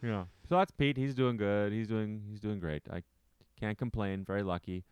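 A man with a very low, smooth, resonant voice, talking casually with a co-host. He pokes fun at himself and hammers home his points through repetition. The recording is dry and close. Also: steady tone, moderate pace, a little mellow, no echo. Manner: self-deprecating, repeats himself emphatically. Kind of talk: casual chat.

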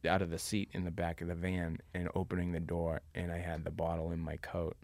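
A man's voice: low voice, completely flat delivery, fairly quick, few pauses, dry recording. A man in his thirties, a podcast guest, telling a long story casually with lots of fillers and laughs. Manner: laughing, rambling anecdotes with many fillers.

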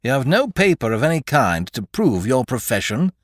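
Man voicing a gruff, suspicious magistrate. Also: mid-range voice, very animated, moderate pace, no echo, clean studio sound. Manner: gruff, distrustful questioning. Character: stern middle-aged male examining magistrate.

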